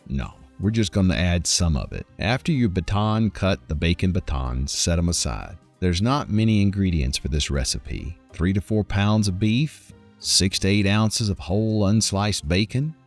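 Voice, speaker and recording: Low-voiced Southern man teaching a recipe. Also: darkish tone. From Louisiana. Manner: folksy, playful, talks to the viewer with questions. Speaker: cooking show host. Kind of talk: cooking instruction voice-over.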